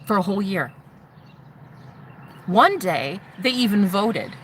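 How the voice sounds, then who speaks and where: Sassy, animated woman with a bright voice. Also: medium pitch, slow, slight background noise. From United States. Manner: animated, sassy, calls viewer "honey"; swears freely, shouts mocking retorts. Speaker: vlogger. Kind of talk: personal testimony to camera.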